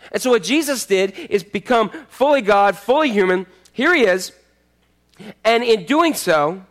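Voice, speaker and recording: Man, pastor preaching a sermon, high voice, animated, acts out voices.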